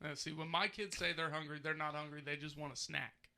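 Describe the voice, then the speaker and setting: A man's voice: fairly high pitch, a little fast, gravelly. A man in his thirties co-hosting a casual comedy podcast, ranting with lots of swearing. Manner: animated, profane ranting. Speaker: podcast co-host.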